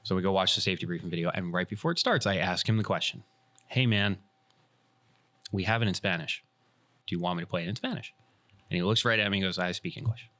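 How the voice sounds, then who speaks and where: A man's voice: low voice, quick pace, long pauses. A man hosting a casual podcast, telling a story and acting out the lines of the people in it. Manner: animated retelling, acts out quoted dialogue. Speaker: podcast host and field referee.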